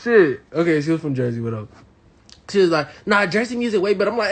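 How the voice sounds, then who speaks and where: A young man from Miami telling a crude story to his live audience, animated and swinging between loud bursts and hushed asides. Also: high-pitched, fast talker. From Miami, Florida. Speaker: livestream host.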